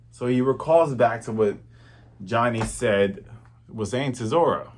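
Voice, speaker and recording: A man casually recapping a manga chapter, retelling it with lively energy and acting out the characters. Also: mid-range voice, measured pace. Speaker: manga reviewer.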